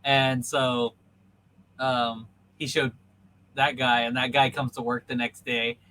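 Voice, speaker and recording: The recording is low-quality as a podcast host, speaking over a video call, rambles through a story filled with ums and likes. He talks slowly in a medium-pitched, sharp-toned voice with little pitch movement.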